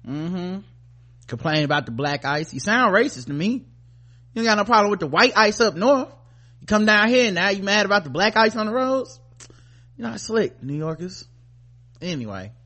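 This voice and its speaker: A male podcast co-host ranting in an animated, profane style. His voice sits a bit higher than most men's. He swings between mock outrage and deadpan jabs. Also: moderate pace. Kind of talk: casual comedic rant.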